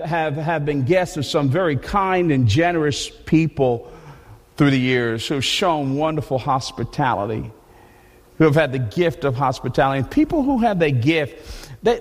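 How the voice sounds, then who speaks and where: A high-voiced male pastor preaches in a loose, conversational way, often repeating words as he restarts. His voice carries a long reverb from a large hall. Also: lively intonation, moderate pace. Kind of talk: sermon.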